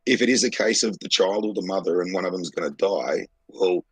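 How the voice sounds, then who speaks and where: A low-voiced Australian man with a husky, slightly rough tone, talking bluntly and swearing freely as he rambles through a story. The sound is dry and close, with no room behind him. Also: fairly quick, no room sound, low-quality recording. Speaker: podcast co-host. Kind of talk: casual chat.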